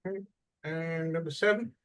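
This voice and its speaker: A man with a fairly high voice teaches an English lesson in a classroom at normal speed. He quizzes students with lively questions and models words by drawing out their syllable stress.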